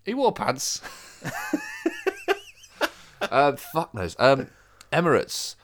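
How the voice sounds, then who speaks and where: A man's voice: medium pitch, wildly swooping pitch, extremely slow, a little hiss or hum. Teasing, sweary young man. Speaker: quiz contestant and co-host. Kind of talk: casual chat.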